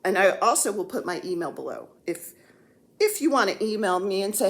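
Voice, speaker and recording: A woman's voice: mid-range voice, animated, brisk. A woman in her sixties chats at home about her stitching projects. She talks in a rambling, jokey way, and her voice swings freely up and down. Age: 60s. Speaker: cross-stitch vlogger. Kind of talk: casual chat. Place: at home, seated on the floor.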